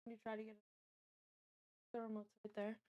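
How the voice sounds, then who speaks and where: A woman's voice: on the high side, monotone, fairly quick, no echo, muffled recording. A woman chatting casually on a stream at home, thinking aloud as she tries guesses at word puzzles and teases the people around her. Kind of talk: casual chat while solving word puzzles.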